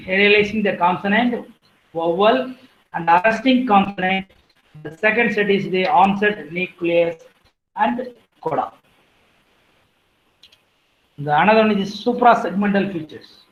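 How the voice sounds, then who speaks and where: Slow, deliberate woman lecturing. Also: medium pitch, reverberant, muffled recording. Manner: deliberate, lists terms one by one, clears throat now and then. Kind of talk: academic lecture on phonetics.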